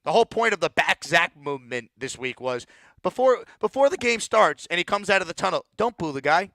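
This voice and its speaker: A man's voice: high voice, expressive, fairly quick, sharp tone, dry recording, clean studio sound. A man hosting a postgame call-in sports show, ranting bluntly and repeating words when he gets heated. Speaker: sports talk show host.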